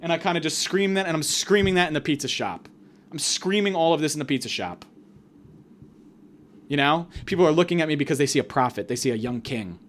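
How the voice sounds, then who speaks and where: A man's voice: a little high, a little fast, slight background noise. A young man hosting a podcast, ranting in a mock-grandiose comedic monologue with sudden swings in volume. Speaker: podcast host.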